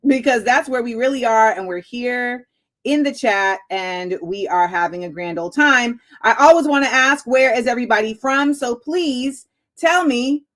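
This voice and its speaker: Chatty excitable woman hosting live. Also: high-pitched. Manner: chatty, excitable, laughing often. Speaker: host. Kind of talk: live-stream talk show chat.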